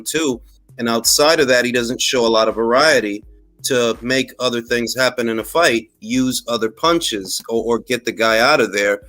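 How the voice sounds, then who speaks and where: A man with a medium-pitched, fairly bright voice hosts a casual boxing talk livestream. He speaks conversationally, repeats phrases, and throws slangy asides to his chat.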